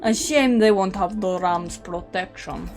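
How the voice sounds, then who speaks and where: A woman's voice: mid-range voice, a little slow, music in the background, close to an everyday voice. A British woman voicing a very old, scheming witch with a dry delivery.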